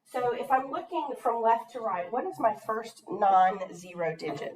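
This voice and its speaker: A woman's voice: a little high, normal speed, darkish tone, slight background noise. A woman teaching a math lesson to a class. She talks patiently, often stops to ask the class questions, and her throat keeps catching with coughs.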